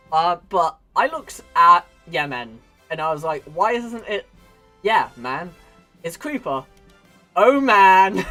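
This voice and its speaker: A man's voice: a little high, bright, forceful tone. A man giving casual, rambling commentary on a strategy game stream, often breaking off mid-sentence and giggling. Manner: rambling, self-interrupting, giggly.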